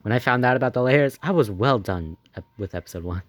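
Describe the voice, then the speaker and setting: A man giving casual reaction commentary on his own old animation, excitable and rambling, often laughing and gasping between thoughts. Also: mid-range voice, quick pace. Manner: excitable and rambling, with many fillers, laughs and gasps.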